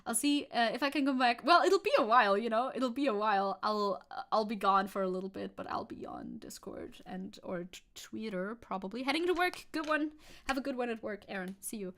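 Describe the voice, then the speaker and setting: A woman's voice: on the high side, big pitch swings, brisk, fairly bright tone. A woman streaming live, chatting casually and reading news and chat messages aloud, opinionated, swearing casually and laughing often. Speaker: VTuber streamer.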